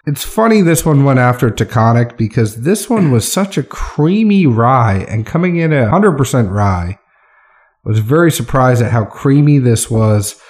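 A man co-hosts a relaxed whiskey tasting chat. His voice sits in a middle range, and he talks in a chatty, descriptive way, restarting sentences as he works through the flavors. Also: mid-range voice, normal speed.

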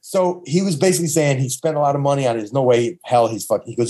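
A man's voice: mid-range voice, fast talker, mellow. A man with a New York accent telling rambling, profane road stories from his touring days in a casual chat, full of restarts. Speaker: touring punk musician guest. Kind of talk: casual storytelling.

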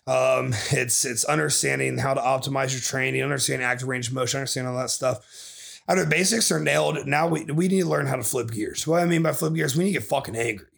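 Gravelly man ranting, profane coach. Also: mid-range voice, fast, a bit bright. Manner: profane, aggressive, swears constantly. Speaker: podcast host and bodybuilding coach. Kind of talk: ranting podcast talk.

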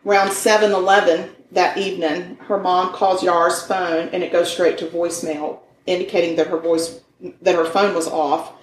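A woman with a lowish voice tells a true crime case to her co-host, chatty and loose, correcting herself as she goes. She sounds like she's in an echoey room. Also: level tone, normal speed, distant mic, a little hiss or hum. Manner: conversational, with fillers and self-corrections. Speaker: podcast host. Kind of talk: true crime storytelling chat.

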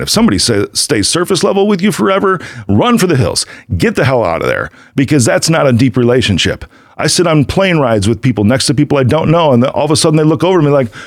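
A man talks through his own podcast episode in a loose, emphatic way, circling back on points and tossing in "right?" as he goes. His voice sits at an ordinary middle pitch. The recording is close and dry, with no room echo. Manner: emphatic, repetitive, conversational with frequent "right?". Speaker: podcast host. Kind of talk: casual solo podcast monologue.

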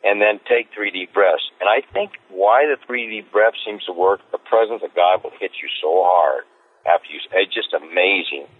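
This is a man with a fairly low voice, heard over a thin, tinny phone line. He tells his stories as an interview guest in a rambling, excited way, stumbling over repeated words. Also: moderate pace. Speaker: street evangelist guest. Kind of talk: casual interview storytelling.

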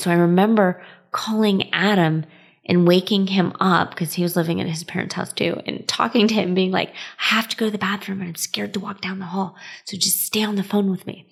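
A woman in her thirties hosts a podcast, chatting through personal stories in a casual monologue and laughing often. Her voice is fairly low and gravelly.

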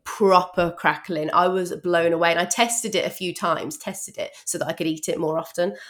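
Woman, cookbook author guest, bubbly, animated, chatty. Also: lowish voice, fairly quick. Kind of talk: casual interview chat.

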